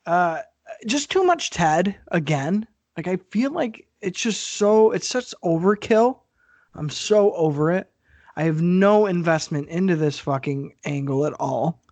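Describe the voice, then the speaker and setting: High-pitched guy cussing and laughing through podcast chat, dead dry sound. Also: no echo. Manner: profane, animated, laughs a lot. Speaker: podcast co-host. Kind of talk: casual chat.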